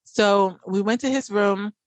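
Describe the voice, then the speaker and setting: A woman's voice: mid-range voice, a little slow, no echo. A woman podcast host, casually telling a personal story in a chatty way with many fillers and restarts.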